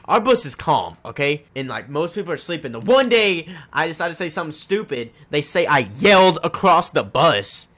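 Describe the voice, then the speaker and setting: A teenage boy telling an angry story to camera in a casual, profane rant, swinging from loud outbursts to low mutters. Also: sing-song, normal speed, hardly any pauses. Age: teens. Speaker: vlogger.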